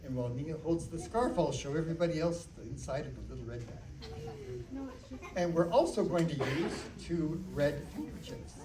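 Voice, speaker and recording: A male children's magician doing a playful, animated magic show and storytelling in a library, talking with the audience. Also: fairly high pitch, normal speed, far from the mic, a crowd in the background. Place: public library room. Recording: echoey room from afar with kids.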